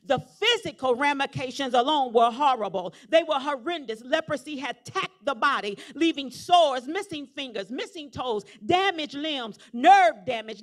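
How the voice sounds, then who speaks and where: A middle-aged woman preacher with a high voice delivers a sermon. She retells a scripture story in a low, measured way, then builds to loud, repeated rhetorical questions aimed at the congregation. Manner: builds from quiet storytelling to shouted appeals.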